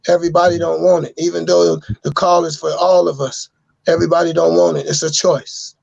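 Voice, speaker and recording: A man appears on a podcast preaching an earnest message, hammering home the same phrases again and again like a sermon. He speaks a little fast in a fairly high, creaky, slightly mellow voice with little pitch movement; the recording is dry and missing its highs.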